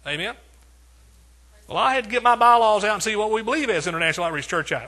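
A male pastor delivers a sermon, stacking phrase on phrase in emphatic repetition. His voice sits a little high, with a bright, forceful edge. An audible huskiness runs through it. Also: animated, fast. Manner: preaching with emphatic repetition and rising swells.

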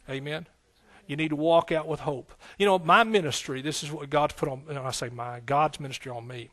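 This pastor and Bible teacher preaches a sermon in a folksy, energetic style, repeating his phrases and calling out "amen." His voice sits on the high side.

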